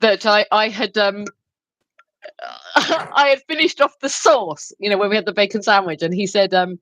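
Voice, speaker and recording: A woman's voice: medium pitch, normal speed, a bit bright, no echo, low-quality recording. A British woman co-hosting a livestream, chatty and giggly as she reads viewer comments aloud. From United Kingdom. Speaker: co-host reading chat. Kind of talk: casual livestream chat.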